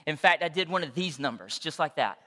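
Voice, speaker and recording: A man's voice: on the high side, lively intonation, a little fast, sharp tone, in a large hall. A man, preaching a sermon in a conversational, storytelling way. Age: 40s. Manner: conversational, storytelling with frequent check-ins. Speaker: pastor.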